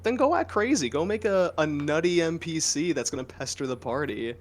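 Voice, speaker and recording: A man with a New Jersey accent chats on a casual podcast as a game master. He tells stories in a lively, joking way. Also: on the high side, fairly quick. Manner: lively storyteller, animated and joking.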